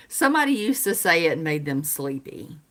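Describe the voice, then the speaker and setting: A woman's voice: deep voice, sing-song, a little slow, fairly bright tone. A woman with a Southern US accent, chatting casually with viewers on her livestream and answering their comments. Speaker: livestream host.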